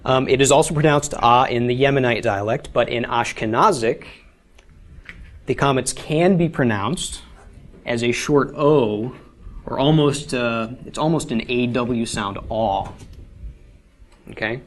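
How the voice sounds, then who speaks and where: A man's voice: medium pitch, unhurried. Man teaching a beginners' class patiently. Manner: patient, explains step by step, often checks with "okay?". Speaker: Hebrew teacher. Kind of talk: informal classroom lecture.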